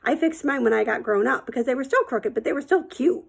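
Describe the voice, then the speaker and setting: A woman's voice: sits high, animated, fast, gravelly, husky. A middle-aged woman telling a personal story in a casual, rambling way, with many ums and likes.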